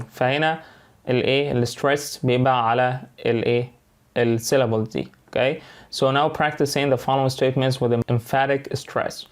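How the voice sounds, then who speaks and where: A man with an Egyptian accent teaches an online English lesson, talking fast in a mid-range voice with fairly even intonation. He switches between English and Arabic and keeps checking in with "okay" and "right."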